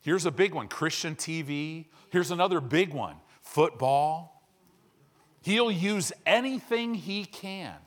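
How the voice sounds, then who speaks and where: A man preaching a sermon as a pastor, swinging from loud declarations to hushed asides and acting out little conversations. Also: medium pitch. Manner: lively, swings from loud to hushed, acts out dialogues. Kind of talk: animated sermon.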